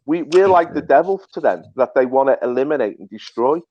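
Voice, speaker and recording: A political commentary host speaks with emphasis and a lot of repetition, frequently starting sentences over. His mid-range voice is brisk with lively intonation, and the dull, dry, lo-fi recording has no room sound.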